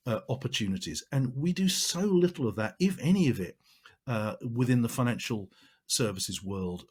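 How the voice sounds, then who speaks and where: A man's voice: mid-range voice, darkish tone, breathy edge. A man giving a marketing training talk, emphatic and repeating phrases for stress.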